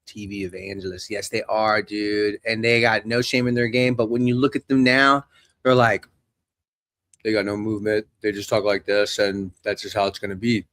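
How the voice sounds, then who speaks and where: A man's voice: lowish voice, little pitch movement, moderate pace, a bit bright, no room sound, clean studio sound. A man hosting a casual, profane chat who jokes loosely and acts out the people he quotes.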